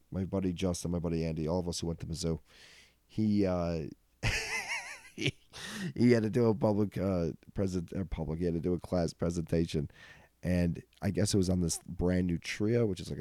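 Young male podcast host with a low, dark voice who rambles through profane anecdotes and laughs a lot. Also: no echo. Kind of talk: casual comedic storytelling.

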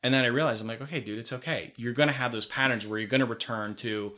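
Fast-talking bright-voiced middle-aged man. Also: medium pitch. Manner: energetic, emphatic storyteller, repeats mantras. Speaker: podcast guest, life coach. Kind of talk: casual podcast chat.

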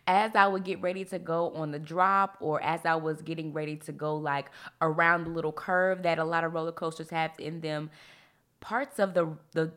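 A young woman hosting a devotional podcast, chatty and animated with preacher-like emphasis and frequent laughs. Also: deep voice. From Texas. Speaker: podcast host and faith coach. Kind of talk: casual devotional podcast talk.

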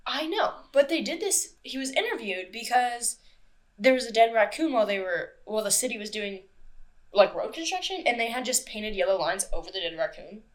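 A woman's voice: fairly high pitch, expressive, brisk. Chatty, foul-mouthed woman podcast host. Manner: swears freely, chatty, laughs often. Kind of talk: casual true-crime chat.

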